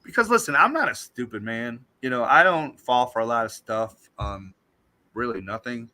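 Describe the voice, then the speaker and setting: A man, a guest on a talk show, telling a story in an animated, emphatic way. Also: medium pitch, moderate pace. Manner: animated, emphatic retelling that acts out what he said.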